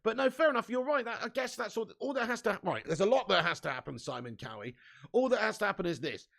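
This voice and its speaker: A man's voice: high voice, big pitch swings, quick pace, vocal fry, fairly bright tone. A man hosting a casual fan live stream, chatty and laughing often, swearing freely and reading viewer comments aloud.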